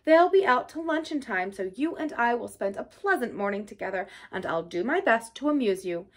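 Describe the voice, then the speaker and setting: A woman voicing a cheerful, brisk male water rat who coaxes his friend out of bed. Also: fairly high pitch, expressive. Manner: brisk, hearty and coaxing.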